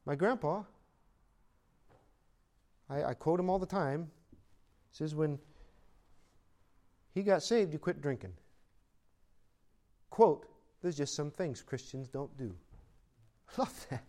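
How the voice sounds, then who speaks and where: A man preaching a sermon, reading scripture in a slow, deliberate cadence and swinging between emphatic rises and hushed asides. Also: a little high, animated. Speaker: pastor.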